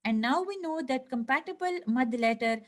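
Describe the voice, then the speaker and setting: A woman teaching a recorded lesson over slides, explaining slowly and clearly and stretching out each example word. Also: high-pitched, expressive. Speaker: tajweed teacher.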